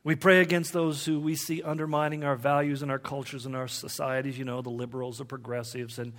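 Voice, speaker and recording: A man's voice: medium pitch, level tone, brisk, fairly bright tone. A man preaching a sermon in a conversational way, with humorous asides and rhetorical questions.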